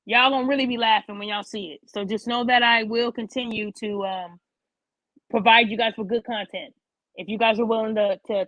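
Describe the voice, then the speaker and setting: A woman's voice: a little high, no room sound. Blunt, profane woman ranting live. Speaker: host of a live online show. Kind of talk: livestream rant to chat. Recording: dull lo-fi sound.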